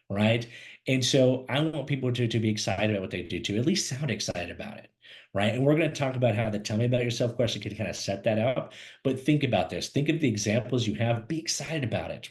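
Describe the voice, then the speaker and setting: A fast-talking man coaching job seekers straight to camera. He speaks with an animated, emphatic energy, pushing his points hard. His pitch sits in an ordinary middle range. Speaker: career coach. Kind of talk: energetic instructional talk to camera. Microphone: camera mic, speaking to camera.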